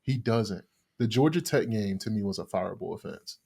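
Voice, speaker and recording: Animated low-voiced male sports co-host. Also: normal speed, creaky, husky. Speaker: podcast co-host. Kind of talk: casual sports chat.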